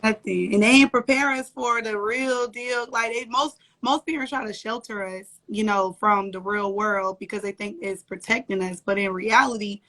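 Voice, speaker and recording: A young woman talks loose and slangy over a live video call, laughing often as she tells her stories. She speaks from a small corner at home, mid-pitched and easy. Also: moderate pace, hardly any pauses, sharp tone. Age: young adult. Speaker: guest, entrepreneur and mother. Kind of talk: casual interview chat.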